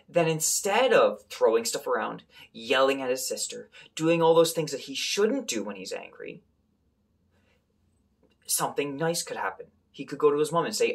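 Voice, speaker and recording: A man, teaching children, reads them a picture book and leads a soothing breathing exercise in a medium-pitched, breathy voice at a moderate pace. His manner is gentle and encouraging, often slipping into a soft whisper.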